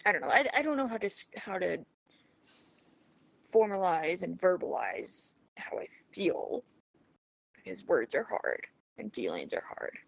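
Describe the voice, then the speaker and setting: A woman's voice: lowish voice, sing-song, a little slow, creaky. A woman chatting casually in a voice message about books she is reading, talking in an earnest, rambling, hesitant way. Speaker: book vlogger. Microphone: phone voice messaging app.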